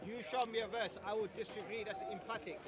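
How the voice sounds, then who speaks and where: A man's voice: high-pitched, steady tone. A man making pointed arguments in a public outdoor debate. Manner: measured, pointed questioning. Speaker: Muslim street debater. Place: outdoor public park with crowd. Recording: loud outdoor crowd behind.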